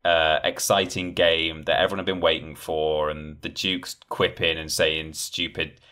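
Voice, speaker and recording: A man co-hosting a casual podcast, retelling things in a rambling, animated way and acting out quotes. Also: rumbling low, unhurried, clean tone. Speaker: podcast co-host. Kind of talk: casual chat.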